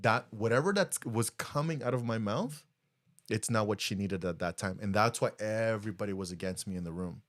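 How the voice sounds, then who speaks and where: A man on the low side of pitch, talking a little fast, co-hosts a podcast and keeps things casual. He's an animated storyteller who brings the quotes to life by acting them out.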